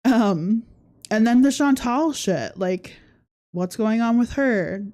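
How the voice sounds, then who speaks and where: A woman's voice: fairly high pitch, expressive, takes it slowly, a little mellow. A woman hosting a casual livestream podcast, commenting sarcastically and often laughing as she talks and reads viewer comments. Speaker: podcast host.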